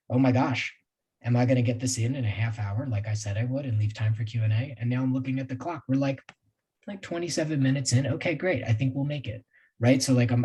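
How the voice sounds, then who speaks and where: A man's voice: medium pitch, dark tone, slightly rough, poor audio. A man teaching sales presentation skills in a live online webinar, talking conversationally with asides and self-deprecating laughs. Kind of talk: casual live webinar talk.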